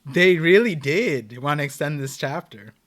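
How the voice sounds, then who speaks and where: Excitable, lively young-sounding male streamer. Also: on the high side, unhurried. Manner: excitable, rambling, talks to chat. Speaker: streamer hosting an anime watch party. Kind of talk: live-stream reaction chat.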